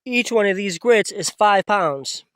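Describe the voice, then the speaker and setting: High-voiced man vlogging from a camp. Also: animated, measured pace, a little hiss or hum. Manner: emotional, talks to his pets in a soft voice. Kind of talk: casual vlog talk to camera. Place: outdoor camp in the woods.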